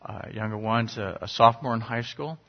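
A man's voice: lowish voice, fairly quick, gravelly. A middle-aged man preaching a sermon, earnest and conversational, sometimes rising sharply for emphasis. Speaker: pastor. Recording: dull lo-fi recording.

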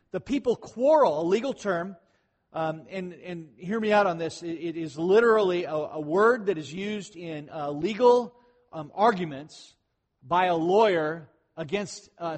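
A man preaching a sermon in a conversational way, swinging between loud emphatic lines and quiet asides. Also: fairly high pitch. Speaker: pastor.

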